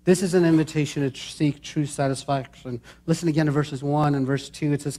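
Man preaching a lively sermon. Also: fairly high pitch, a little fast, few pauses. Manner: conversational, building to emphatic repeated calls. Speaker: pastor. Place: church sanctuary.

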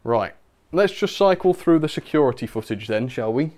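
A man's voice: medium pitch, lively intonation, moderate pace, a little mellow. A young man hosting a livestream in a casual, chatty way, laughing often and talking to his viewers. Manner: chatty, giggly, self-mocking, reads chat aloud. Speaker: host of a model railway livestream.

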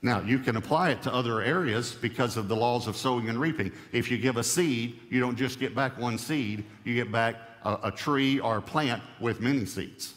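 A man preaching a sermon at a mid-range pitch, driving his points home by repeating them. His voice carries a long reverb, like a large hall. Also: normal speed, few pauses, fairly bright tone. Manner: emphatic, repeats key phrases for stress. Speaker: pastor.

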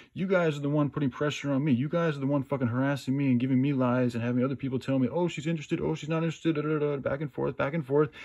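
A man's voice: medium pitch, a little mellow. A man hosting his own video channel, ranting defensively to his viewers, agitated, swearing often and rambling with restarts. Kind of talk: defensive rant to camera.

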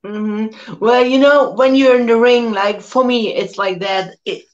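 A woman's voice: fairly high pitch, steady tone, a little slow, muffled recording. A woman, a professional wrestler telling stories as an interview guest, laughing often and acting out the voices of the people she quotes. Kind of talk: casual storytelling.

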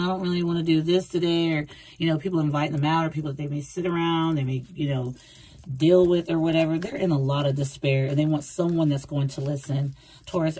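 This tarot reader has a low, husky voice with a warm tone. She chats casually through the cards, rambling, repeating phrases, and acting out the thoughts she quotes.

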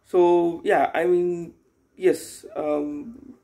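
A man's voice: on the high side, steady tone, drawn-out words, gravelly, warm tone. A young man, talking casually to camera in a hesitant, rambling way, full of fillers and restarts. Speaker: YouTuber. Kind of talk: casual unscripted vlog monologue.

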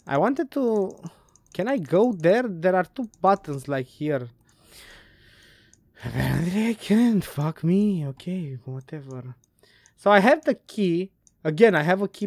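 A woman's voice: sits low, darkish tone, dry recording. A woman playing a puzzle game and giving let's play commentary, muttering, swearing and laughing to herself. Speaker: gamer.

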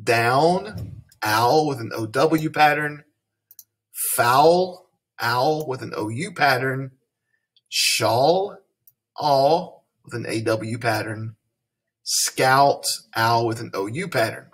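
Slow, husky-voiced male teacher. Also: mid-range voice, fairly bright tone. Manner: patient and repetitive, drawing out vowel sounds. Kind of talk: recorded phonics lesson for children.

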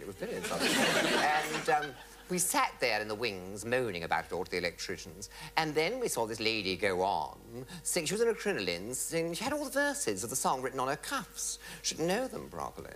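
A man's voice: huge pitch swings, fairly quick, pushed and bright, low-quality recording. Theatrical middle-aged male raconteur. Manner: theatrical, with sudden pitch leaps and mock outrage. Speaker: comic raconteur. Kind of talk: comic anecdote told to a live audience. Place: television studio before an audience.

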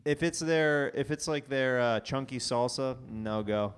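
A man answering questions on a comedy show in a halting way, with many restarts. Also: mid-range voice, smooth. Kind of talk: casual banter.

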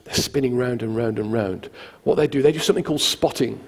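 A man's voice: mid-range voice, fast talker, breathy edge. Man preaching in a reverberant hall. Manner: conversational, animated storytelling with acted quotes. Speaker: pastor. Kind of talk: sermon. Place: church hall.

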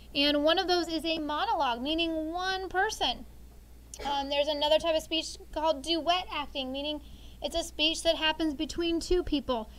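A woman's voice: sits high, fairly bright tone, low-quality recording. A woman teaching a sixth grade vocabulary lesson, chatty, explaining words with everyday examples and checking in with "okay?".

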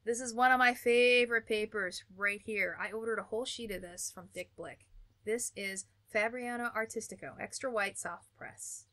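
American woman host, casual product review, crisp bright tone, chatty and upbeat. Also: on the high side, moderate pace. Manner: chatty and upbeat, with small laughs and restarts. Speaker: art channel host.

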